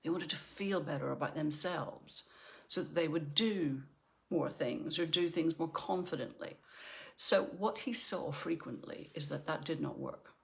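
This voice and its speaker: A woman's voice: low voice, a little slow, creaky. A middle-aged woman from Northern Ireland, a life coach giving a chatty motivational talk and often checking in with "right?".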